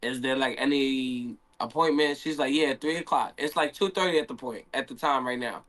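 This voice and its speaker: A young handball player tells a story during a casual stream Q&A, acting out his own quotes as he goes. His voice is medium in pitch, fairly bright, and moves at a normal speed.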